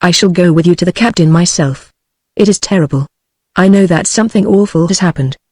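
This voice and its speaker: A woman's voice: fairly low pitch, a little fast, a little mellow, dry recording, clean studio sound, lightly acted. A text-to-speech woman's voice with a British accent voicing a frightened young woman passenger, without changing its voice. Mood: worried. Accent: British English. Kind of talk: synthetic text-to-speech book reading.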